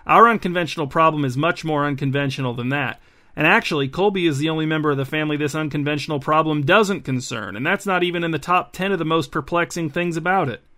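A man's voice: a little high, fast, bright, forceful tone. A man voicing a frazzled, talkative middle-aged mother who rambles, apologizes and over-explains, raising his voice for her. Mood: insistent.

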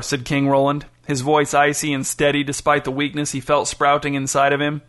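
A man's voice: level tone, brisk, fairly bright tone. A man reading a story aloud, evenly paced, raising his voice for the characters' lines. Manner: reads evenly, lifts pitch and volume for character lines. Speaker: audiobook narrator. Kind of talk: scripted narration with voiced characters.

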